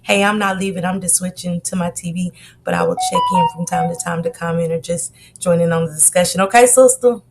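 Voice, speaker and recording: A woman's voice: fairly low pitch, fairly even intonation, fairly quick, over loud music. A woman hosting a casual livestream while sick with a cold, greeting her viewers by name in sisterly chatter. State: sick with a cold, coughing and sneezing. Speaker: livestream host.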